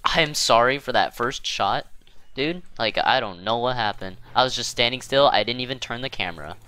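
A man's voice: medium pitch, lively intonation, normal speed, sharp tone, clear, resonant tone. A man hosting casual gameplay commentary, rambling and self-deprecating, with many fillers and restarts. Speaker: gaming channel host.

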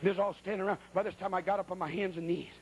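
A man with a high-pitched voice preaches a sermon and tells a comic story in a folksy, colloquial way. He breaks into sudden exclamations as he talks to the congregation. A light hiss of noise runs under the recording. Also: fairly even intonation, rapid-fire, poor audio.

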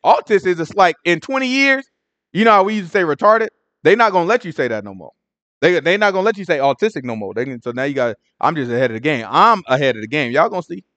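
A man leading a casual Bible study, animated and conversational, full of asides. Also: on the high side, fast, no room sound.

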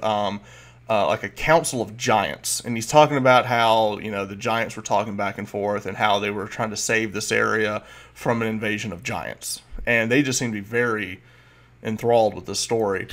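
A man's voice: mid-range voice, fairly bright tone. A man narrating as game master, describing scenes loosely with many fillers.

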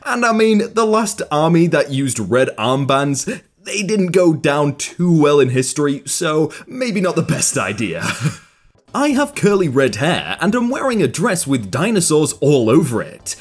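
A man's voice: fairly high pitch, unhurried. A man hosting a comedy channel, reading out funny posts and reacting with frequent laughter in a casual commentary style. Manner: laughs often, lively voice. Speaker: YouTube host reading Reddit posts.

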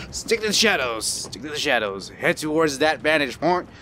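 A man's voice: very animated, moderate pace, pushed and bright, slight background noise. A man giving casual, profane commentary while playing a video game, joking around and putting on silly voices. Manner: playful, goofy and profane, breaks into silly high put-on voices. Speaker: video game let's player.

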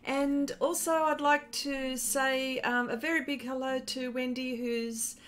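An Australian woman talks through an art livestream in an easy, rambling way, full of ums and uhs. Her voice sits high for a woman. She keeps stopping mid-thought to say hello to viewers by name. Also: fairly even intonation, a little slow, fairly bright tone, slight background noise. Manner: chatty, greets viewers by name, many fillers. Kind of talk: casual livestream chat.

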